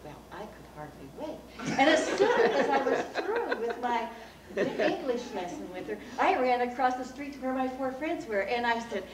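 A woman giving a speech at a speaking club, telling a childhood story in an animated way and acting out the quoted voices. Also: high voice, moderate pace, few pauses. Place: meeting room of a speaking club. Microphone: distant recorder. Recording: roomy, distant room recording with background hum.

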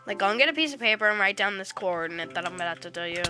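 A woman's voice: mid-range voice, animated, very fast, pushed and bright, soft background music. A woman casually chatting while playing a game online, playfully trash-talking creatures in slangy speech. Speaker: gaming channel host. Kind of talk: casual let's-play chatter.

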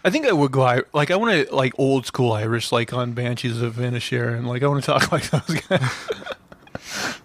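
A man's voice: mid-range voice, expressive, moderate pace, no echo. A man co-hosting a comedy podcast, chatting loosely with lots of fillers and laughs. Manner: rambling, filler-heavy, laughing. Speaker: podcast co-host. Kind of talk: casual comedy podcast chat.

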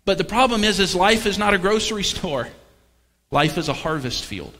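A man preaching a sermon in a church, his fairly high voice ringing out with a long hall reverb. He keeps it conversational, with joking asides and questions tossed to the pews. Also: expressive, normal speed, bright, forceful tone. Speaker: pastor. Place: church sanctuary.

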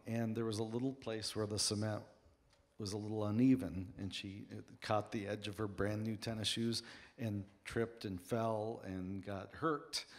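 Earnest man telling a story. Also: lowish voice. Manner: earnest, anecdotal. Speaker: author and apologist on a panel. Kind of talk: panel discussion, storytelling.

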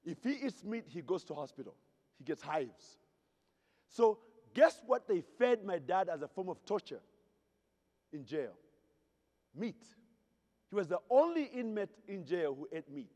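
High-pitched and sing-song, this keynote speaker from Zaire takes his time, leaving long pauses, with a dark tone to his voice. He tells humorous stories and teasingly asks the audience questions in a hotel ballroom at a convention, where the sound reverberates.

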